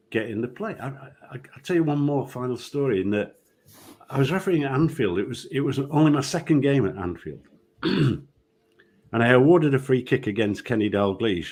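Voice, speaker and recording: With a mid-range voice that has a breathy edge, a former referee in his later years spins anecdotes. He brings them to life by performing the quotes of the people involved.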